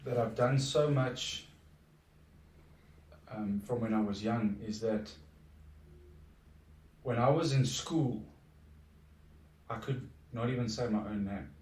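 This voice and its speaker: A man's voice: medium pitch, slow, long pauses, a little mellow. A middle-aged man, a podcast guest talking in a reflective, earnest way with frequent restarts. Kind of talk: casual conversation. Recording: echoey room, distant from mic.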